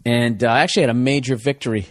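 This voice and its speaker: A man's voice: medium pitch, fairly even intonation, racing. Profane, rambling man venting. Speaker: podcast host. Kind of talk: casual comedic monologue.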